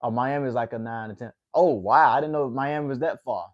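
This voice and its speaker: A Southern-accented man in his late twenties from Atlanta hosts a casual livestream, talking with viewers in a laid-back, chatty way and reacting to chat. His medium-pitched voice moves briskly, and the audio is dull.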